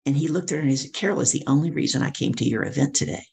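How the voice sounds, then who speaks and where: A middle-aged woman with a gravelly edge to her voice tells stories as an interview guest. She talks with vivid energy and acts out the people she quotes. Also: rumbling low, rapid-fire. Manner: animated storyteller acting out quoted voices. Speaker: guest speaker and coach. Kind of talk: storytelling interview.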